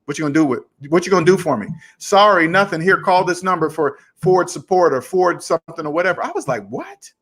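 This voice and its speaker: Finance channel host, man, pitched high, tells a story in a lively way, voicing both sides of the dialogue. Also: fast, hardly any pauses. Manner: animated, retells arguments with quoted dialogue. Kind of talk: casual storytelling to camera.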